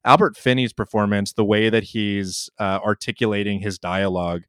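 Male podcast co-host, lower voice, dry recording, loose rambling delivery. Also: fairly even intonation, moderate pace, a bit bright, smooth, no echo. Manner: rambling, many "like" and "you know" fillers. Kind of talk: casual film discussion.

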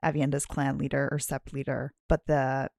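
A woman's voice: rumbling low, level tone, normal speed, creaky, a little mellow, no room sound, studio quality. A woman co-hosting a casual book-club podcast, rambling and often correcting herself. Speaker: podcast co-host.

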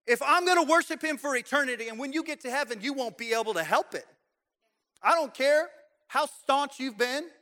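Preaching a sermon in a church sanctuary, a middle-aged pastor uses a very high, bright, forceful voice at a fairly quick pace. He swings from loud, shouted rallying calls to quiet, intimate talk, dropping in playful jokes. The delivery comes across as lively and personal.

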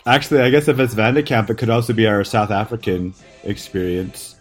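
A man's voice: lowish voice, steady tone, brisk, faint music behind. A man co-hosting a comedy podcast in a casual chat, rambling with lots of stammered restarts and jokes. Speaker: podcast co-host.

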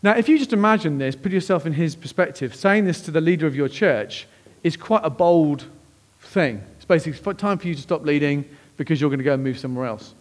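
A man, a pastor preaching a sermon as lively, conversational personal storytelling. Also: fairly high pitch, quick pace.

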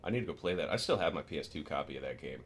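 A man with a low voice that swings widely in pitch, chatting casually as a podcast co-host. He gets excited telling stories and laughs often. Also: very fast, slight background noise. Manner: animated, laughs often, storytelling with bursts of excitement. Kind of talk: casual chat.

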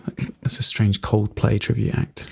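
A man co-hosting a comedy podcast, teasing his co-host in a dry, deadpan way. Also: on the low side, moderate pace, gravelly, slightly rough. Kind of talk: casual comedic chat.

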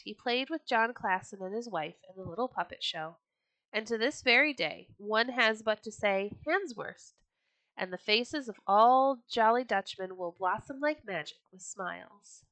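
A woman reading old children's stories aloud for a podcast, gentle and expressive. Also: medium pitch, no echo, low-quality recording. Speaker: storyteller. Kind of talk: storybook read-aloud podcast.

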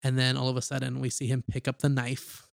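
A man chatting through a movie recap with loose, rambling energy, peppering every phrase with filler. His voice sits at an ordinary middle pitch. The recording is dry and close, with no room sound. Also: monotone, brisk, gravelly, no room sound. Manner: rambling retelling, heavy use of "like", acts out characters' lines. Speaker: podcast co-host. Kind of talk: casual movie recap chat.

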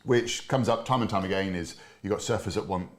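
A man's voice: low-pitched, brisk. A man co-hosting a live stream on a lapel mic, talking in an upbeat, chatty way and often repeating himself. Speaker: livestream co-host. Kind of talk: casual live-stream chat.

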